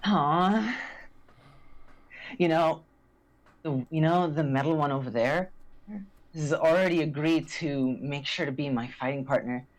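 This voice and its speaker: A lonely young fighter girl, voiced by a woman with a low, unhurried voice. She talks slowly with a wistful, teasing edge, close to the player's own voice. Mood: cocky.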